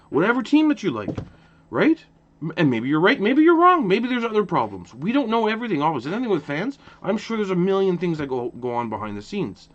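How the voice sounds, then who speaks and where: Male vlog host from Ottawa, heated rant, swooping pitch, slightly muffled audio. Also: a little fast, a little hiss or hum. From Ottawa, Canada. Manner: passionate, repetitive restarts, animated. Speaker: hockey channel host. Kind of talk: casual opinion rant to camera.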